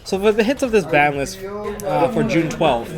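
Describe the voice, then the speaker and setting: A man's voice: a little high, lively intonation, normal speed, crowd noise. A man hosting a casual card game chat, upbeat and asking questions. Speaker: host.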